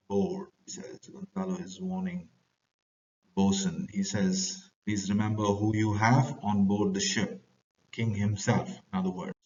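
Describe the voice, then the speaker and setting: A man with an Indian English accent teaches a class, stopping to read quoted lines from a play with more force before explaining them. His voice sits a little low. The recording is muffled and lo-fi, and he sounds set back from the microphone. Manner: reads quoted lines louder and higher, then paraphrases plainly. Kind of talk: reading and explaining a play to students. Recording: lo-fi, distant from the mic.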